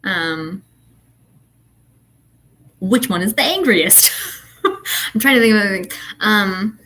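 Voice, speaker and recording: A woman's voice: mid-range voice, lively intonation, takes it slowly, sharp tone. A woman in her thirties, an author chatting casually with her readers, telling a story animatedly with fillers and laughs. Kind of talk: casual ranting chat.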